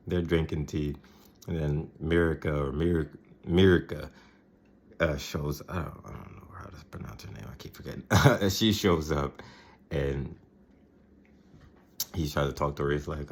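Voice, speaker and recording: A man's voice: rumbling low, fairly even intonation, normal speed, creaky, darkish tone, slightly rough. A man casually recapping a TV episode, rambling, laughing often and mimicking the characters. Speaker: video host recapping a TV episode.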